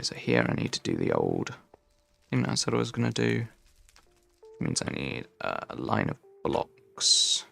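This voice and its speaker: A man's voice: on the low side, gravelly, a bit bright. A young man from the English Midlands with a Midlands accent, chatting casually on a game livestream and answering chat while he builds. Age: young adult. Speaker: streamer.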